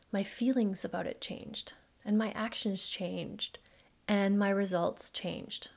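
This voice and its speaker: A woman's voice: mid-range voice, vocal fry. Earnest woman podcast host. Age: middle-aged. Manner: earnest, animated storytelling with gasps and re-enacted dialogue; addresses listeners as mamas. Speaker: podcast host, midlife coach. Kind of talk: casual monologue podcast.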